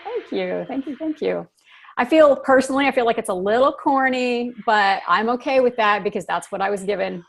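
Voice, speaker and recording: A woman's voice: a little high, brisk, vocal fry. A woman hosting an interview, upbeat and chatty. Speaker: host, business coach.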